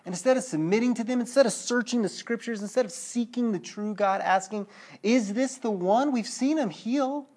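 This sermon comes a little fast with few pauses, the preacher animated as he acts out quotes and checks in with listeners. He sinks low and quiet during the sad moments.

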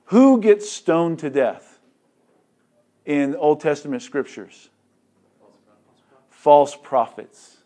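Slow, deliberate male preacher. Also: medium pitch. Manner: slow and deliberate, with loud emphatic swells; conversational, with casual asides. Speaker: pastor. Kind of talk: expository sermon.

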